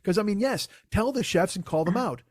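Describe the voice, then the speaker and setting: High-voiced exasperated comedian man ranting. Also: animated, fairly quick, dry recording, studio quality. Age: 40s. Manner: profane, exasperated storytelling. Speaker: comedian podcast host. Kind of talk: casual comedic rant.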